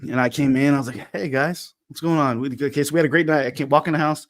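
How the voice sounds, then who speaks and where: A man in his forties telling a story in casual chat, animated and acting out the voices of the people in it. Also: fairly high pitch, very fast, no room sound, clean studio sound. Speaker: podcast co-host.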